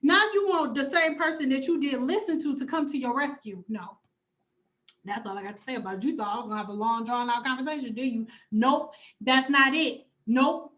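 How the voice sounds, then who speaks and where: A woman's voice: a little high, fast talker, fairly bright tone, dull audio. A woman, hosting a casual hair-care livestream from home and reading viewer comments, sassy, emphatic and profane. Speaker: hair stylist and cosmetologist vlogger.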